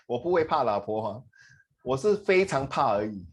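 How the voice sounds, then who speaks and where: A middle-aged man with a Singaporean accent, teaching a class in a lively way and acting out the voices he quotes. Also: on the high side, measured pace. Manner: animated, switches between English and Mandarin, acts out quoted voices. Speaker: English tutor.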